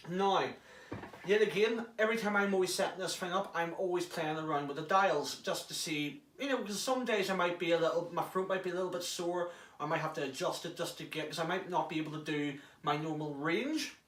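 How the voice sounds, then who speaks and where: Man explaining a hobby technique, chatty, jokey, a bit foul-mouthed, higher voice, echoey from far off the mic. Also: brisk, fairly bright tone. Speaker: prop hobbyist. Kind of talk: casual how-to demonstration. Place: inside an enclosed prop casing.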